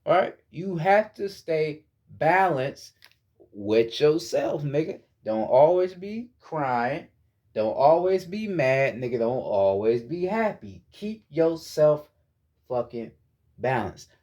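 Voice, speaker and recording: A man's voice: fairly high pitch, sing-song, slow pace, darkish tone. A man giving a casual spiritual monologue as a vlogger, lecturing bluntly with heavy profanity and frequent repetition.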